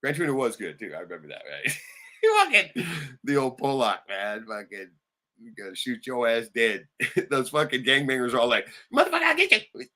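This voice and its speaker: Man, livestream host, swears a lot, rambling, lively swinging pitch, bright edge. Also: moderate pace. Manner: profane, rambling, swings loud and excited. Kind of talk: casual livestream chat.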